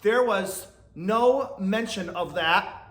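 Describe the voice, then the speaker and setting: A man's voice: high-pitched, takes it slowly, a bit bright, roomy sound. A man hosting a podcast, giving blunt, exasperated commentary and laughing often. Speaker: podcast host. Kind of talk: casual opinion commentary.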